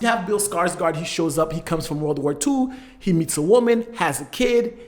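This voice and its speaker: Exasperated high-voiced man ranting a review. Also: expressive, moderate pace. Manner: exasperated, sarcastic, swings between loud outbursts and muttered asides. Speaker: movie review host.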